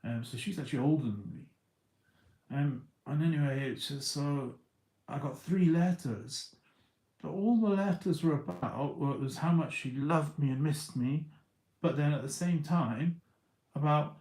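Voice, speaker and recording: A man's voice: medium pitch, normal speed, warm tone, echoey room, low-quality recording. A man telling a long story on a casual livestream, stumbling over restarts and repeating words as he goes.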